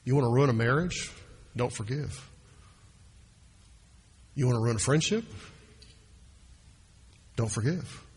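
With a slightly rough voice, a man preaching as pastor shifts between high and low, loud and soft, and eases his tempo whenever he wants to stress a point.

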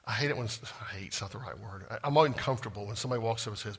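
Man, pastor's sermon, bright tone, husky edge, talks with the congregation. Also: on the low side, racing, few pauses. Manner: conversational, asks the congregation questions, jokes at himself. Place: church sanctuary.

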